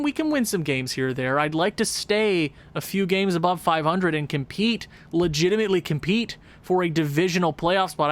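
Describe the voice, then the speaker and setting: A young man with a high voice gives casual commentary on a sports video game. He talks through stats in an easy, chatty way, then rants and yells in exasperation as his team keeps losing. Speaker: gaming channel host.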